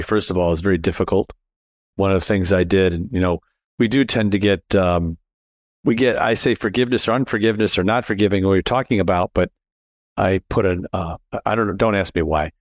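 A man hosting a casual conversation, telling personal stories with animated quoted dialogue. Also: normal speed, no room sound. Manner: animated storyteller, rises in pitch acting out quotes.

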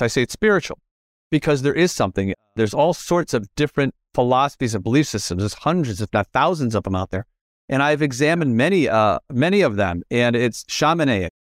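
A middle-aged man talks as a podcast guest in casual, earnest conversation about spirituality. He repeats phrases and restarts his sentences often. His medium-pitched voice is recorded close and dry, with no room echo. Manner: earnest, repetitive, self-correcting.

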